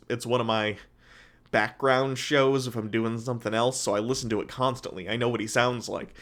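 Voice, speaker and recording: A man's voice: medium pitch, fairly bright tone. A man giving a casual spoken review of a TV series, chatty and full of fillers and self-corrections. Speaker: show reviewer.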